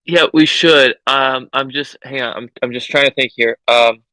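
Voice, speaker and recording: A man's voice: mid-range voice, level tone, moderate pace, pushed and bright, dry recording, rough recording. A man playing a tabletop game, hesitant and stammering, with the odd swear. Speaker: player. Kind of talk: casual tabletop play.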